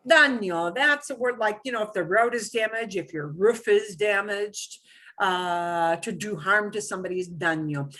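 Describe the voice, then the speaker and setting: A woman's voice: medium pitch, normal speed, fairly bright tone. A woman teaching a beginner Spanish class over a video call, patiently modeling words for students to repeat.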